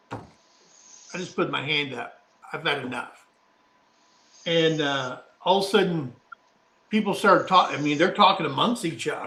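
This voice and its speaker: This middle-aged man co-hosts a casual live talk show, winding through a rambling anecdote and acting out people's words. His fairly high, slightly bright voice has lively intonation, a moderate pace, and frequent pauses, recorded in an echoey room.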